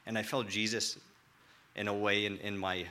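A young man preaching a sermon in an earnest, halting way, with many restarts and filler words. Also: on the low side, flat delivery, bright, forceful tone, clean tone.

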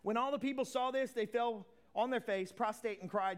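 A man preaching a sermon as a pastor, swinging from loud declarations to hushed asides, with folksy plain talk. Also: very high voice, normal speed.

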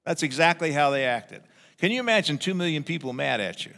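A man preaching a sermon as pastor, animated, acting out a grumbling crowd in raised voices. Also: fairly high pitch, brisk, vocal fry, long reverb tail.

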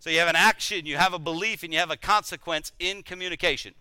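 Bright-voiced man teaching a sermon. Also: on the high side, quick pace, clean tone, no echo. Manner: conversational, animated, self-deprecating, repeats words.

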